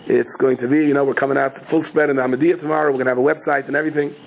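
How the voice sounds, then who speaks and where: A middle-aged man giving a sermon as a rabbi, telling stories in a rapid, chatty, joking way. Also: medium pitch, little pitch movement, poor audio. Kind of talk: sermon with humorous storytelling.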